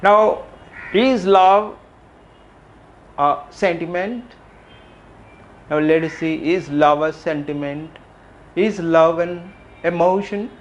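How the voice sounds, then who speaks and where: Man giving a questioning talk. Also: on the high side. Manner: questioning, repeats phrases, pauses often. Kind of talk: reflective public talk. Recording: faint background noise.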